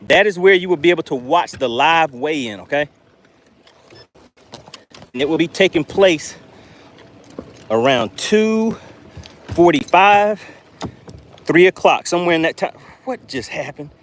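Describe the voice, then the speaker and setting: A man running a fishing live stream from a boat outdoors, reading viewer chat aloud with animated exclamations. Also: on the high side, unhurried, pauses often.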